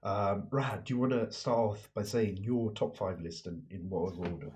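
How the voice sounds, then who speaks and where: A man's voice: fairly low pitch, normal speed, darkish tone. A young man co-hosting a casual football podcast, talking passionately and admitting he rants. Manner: passionate, ranting. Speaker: podcast co-host.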